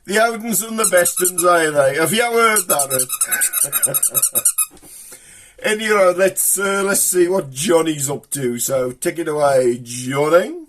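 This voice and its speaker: A man's voice: high-pitched, wildly swooping pitch, takes it slowly, fairly bright tone, slight background noise. A man with a Black Country accent hosting a comic show, telling a long joke in a rambling, chatty way. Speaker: host.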